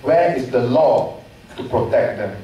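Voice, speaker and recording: A Malaysian man on a forum panel gives a passionate speech packed with repeated rhetorical questions, his medium-pitched voice expressive and a little slow. The audio is dull, recorded in an echoey hall from a distant mic with faint noise.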